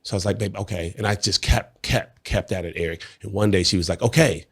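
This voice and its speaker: A man guesting on a podcast, telling a personal story in an animated way and acting out the quotes. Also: low voice, fast talker, breathy edge. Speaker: podcast guest, network marketer. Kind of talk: conversational storytelling.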